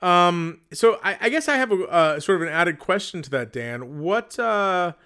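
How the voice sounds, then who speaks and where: A man hosting a casual podcast discussion, speaking in a thoughtful, measured way with many fillers. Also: sits high, animated, sharp tone, smooth. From United States. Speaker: podcast host.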